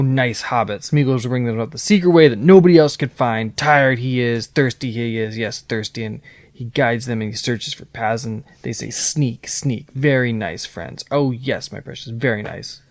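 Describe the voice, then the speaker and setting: Man playing a gravelly sly creature with a whine, from a book, dry close sound. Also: medium pitch, normal speed, dry recording, close to an everyday voice. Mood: wheedling. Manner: hissing repetitions, reading aloud from a book. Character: whining sly male creature, wheedling and resentful.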